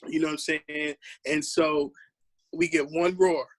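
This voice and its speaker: A man's voice: on the high side, steady tone, a little slow. A man on an online panel, telling a story with lots of laughter and slangy, casual phrasing. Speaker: educator on a panel.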